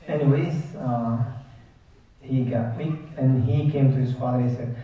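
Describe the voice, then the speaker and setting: A male preacher telling a moral story at a slow, unhurried pace, breaking it into short, halting phrases. His voice sounds distant and a bit dull, with heavy echo from the hall. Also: mid-range voice, fairly even intonation.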